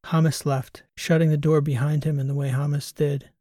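Mellow, level-voiced male narrator. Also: on the high side, flat delivery, moderate pace, hardly any pauses, no echo, studio quality. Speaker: audiobook narrator. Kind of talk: scripted narration.

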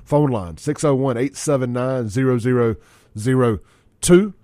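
A man's voice: mid-range voice, normal speed, mellow, no room sound, clean studio sound. A man hosting a radio talk show, brash and joking as he reads out the text line and phone line.

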